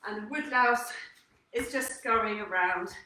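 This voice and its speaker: A young woman leading a children's workout, telling a story with upbeat, animated encouragement. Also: mid-range voice, a little slow, slight background noise. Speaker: kids' fitness instructor. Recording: echoey room, distant mic.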